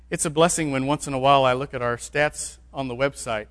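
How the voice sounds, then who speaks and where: A man's voice: mid-range voice, steady tone, fairly quick, few pauses, a bit bright. A man preaching a sermon as pastor, building to emphatic declarations. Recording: long hall reverb.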